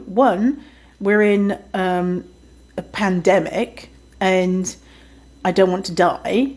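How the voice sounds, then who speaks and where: A woman's voice: medium pitch, slow pace, long pauses, darkish tone. A woman hosting a podcast, telling a story in a casual, chatty way, swearing freely and often laughing. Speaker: podcast host.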